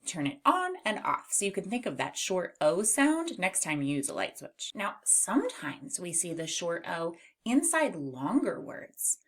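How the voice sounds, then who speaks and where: A woman teaching a children's phonics lesson, slowly stretching out and modeling each sound. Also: lowish voice, big pitch swings. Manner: slow, exaggerated sound modeling.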